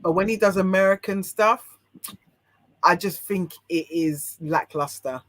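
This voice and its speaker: A woman's voice: lowish voice, unhurried, a bit bright. A woman with a British accent talking casually as a podcast guest, frank and opinionated, with many restarts. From United Kingdom. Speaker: podcast guest, life coach.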